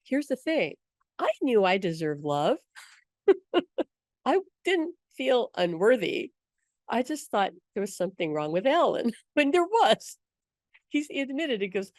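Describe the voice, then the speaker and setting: A woman's voice: fairly high pitch, sing-song, moderate pace, darkish tone, no echo, studio quality. A woman teaching a spiritual workshop in a chatty, direct way. She laughs easily and keeps checking in with her listeners. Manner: laughs easily mid-sentence.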